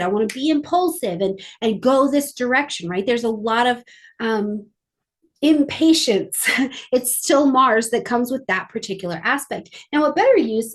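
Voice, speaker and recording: A woman astrologer with a high voice walks through the week's astrology forecast, keeping it lively and conversational and now and then acting out little voices.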